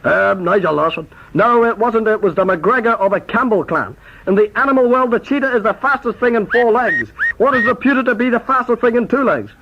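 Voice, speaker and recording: A man hosting a spoof quiz in a brisk, mock-formal announcing style. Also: very high voice, expressive, noisy background. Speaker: quizmaster. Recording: dull lo-fi tape recording.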